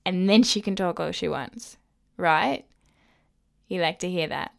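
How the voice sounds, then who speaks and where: A woman playing a teasing lover with a gravelly voice. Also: on the low side, unhurried. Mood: aroused.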